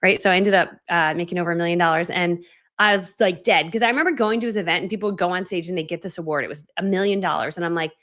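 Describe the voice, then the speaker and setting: Presenting a motivational training session for her online course, a coach in her forties pokes fun at herself, chats freely, acts out how she used to react, and keeps saying "right?". Her lowish, slightly bright voice races along.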